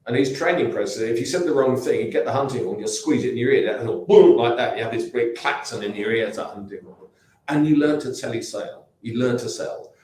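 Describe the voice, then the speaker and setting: A man's voice: mid-range voice, brisk, darkish tone, slight background noise. A man in his sixties with an English accent, a company founder telling rambling anecdotes in a casual interview, with restarts and asides. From England. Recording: very echoey room.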